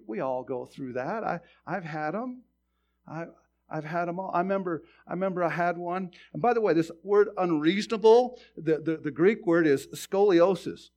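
A middle-aged man preaching a sermon in a slightly high voice. He talks like he is chatting with the congregation, stumbles and restarts words, and moves between booming exhortation and hushed storytelling. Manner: conversational storytelling, swings from loud preaching to quiet asides; stammering restarts. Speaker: pastor.

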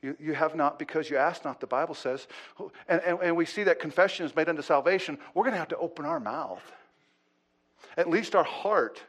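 A man preaching a sermon. His delivery swings between loud, urgent pleading and low, hushed asides, and he often repeats words as he restarts a thought. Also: a little fast, vocal fry. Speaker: pastor.

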